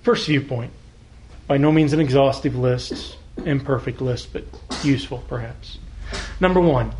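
A man's voice: medium pitch, slight background noise. A man preaching a sermon as pastor, conversational, posing rhetorical questions and acting out short exchanges.

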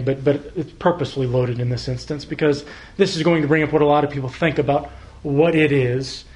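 A man's voice: medium pitch, darkish tone, a little hiss or hum. A man preaching a sermon as pastor, conversational, posing rhetorical questions and acting out short exchanges.

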